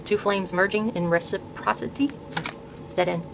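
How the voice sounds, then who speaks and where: An older woman hosting her own video, softly showing tarot decks and reading card names aloud, often trailing off and restarting words. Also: medium pitch, moderate pace, vocal fry, noisy background. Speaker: host showing her tarot deck collection. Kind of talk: soft-spoken casual deck walkthrough.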